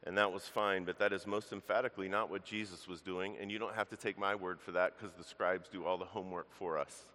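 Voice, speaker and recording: A man's voice: low-pitched, fairly even intonation, a little fast, few pauses, sharp tone, in a large hall. A man pastor preaching a sermon in earnest, addressing the congregation directly as church. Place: church sanctuary.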